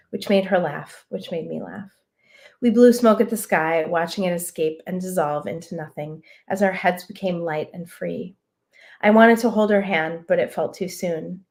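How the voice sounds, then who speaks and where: A woman author reading a prose excerpt aloud in a measured, reflective way. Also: on the low side, a little mellow.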